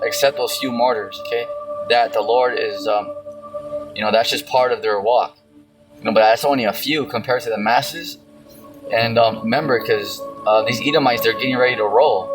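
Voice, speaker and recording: A man's voice: mid-range voice, rough recording. Male preacher, loose and rambling, swears a lot, mid-range voice, music bed behind. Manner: rambling, heavy on fillers, profane. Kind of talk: casual sermon with scripture reading. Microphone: phone screen recording.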